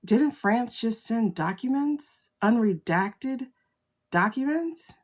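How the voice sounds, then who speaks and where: Slow-talking woman reading tarot on a livestream. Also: on the high side, animated. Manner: chatty, exclaims often, talks to viewers by name. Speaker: tarot reader livestream host. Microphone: phone.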